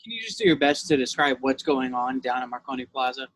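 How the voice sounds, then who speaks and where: Man, interviewer, loose casual talk, mid pitch. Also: expressive, fairly quick, a bit bright, dry recording, low-quality recording.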